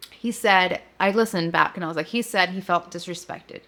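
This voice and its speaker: A woman's voice: fairly low pitch, normal speed. A woman in her thirties hosting a podcast, telling a personal story in a candid, confessional way and acting out her own quotes with energy. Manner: candid, confessional, animated retelling. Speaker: podcast host.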